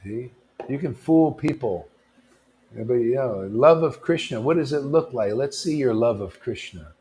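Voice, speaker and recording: A man preaches informally to a devotional gathering, blunt and confrontational, firing off rhetorical questions, mocking asides, and calling his listeners "man". His voice is medium-pitched with a dark tone, animated, at a moderate pace.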